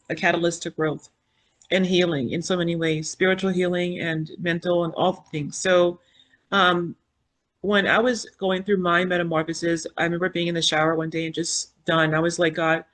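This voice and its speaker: Earnest woman in her fifties telling her story. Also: on the low side. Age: 50s. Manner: animated, acts out quoted dialogue and inner thoughts; spiritual, earnest. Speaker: podcast guest, foundation founder. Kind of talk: personal storytelling in an interview.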